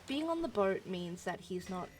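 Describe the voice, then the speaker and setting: A woman streamer chatting casually while playing a game, musing out loud with frequent ums. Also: mid-range voice, very animated, normal speed, music in the background. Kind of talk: casual let's-play commentary.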